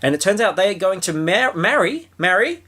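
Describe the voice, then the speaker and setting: A man's voice: high-pitched, sing-song, brisk, bright, forceful tone, husky. A man hosting a podcast, recapping a novel in casual chat with sarcastic, mocking asides. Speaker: podcast host. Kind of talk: casual book-review chat.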